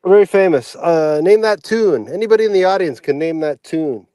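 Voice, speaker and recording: A man's voice: sits high, lively intonation, moderate pace, dark tone, no room sound. A man chatting as a guest on a livestream, rambling and opinionated, with many fillers. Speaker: regular guest. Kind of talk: casual livestream chat.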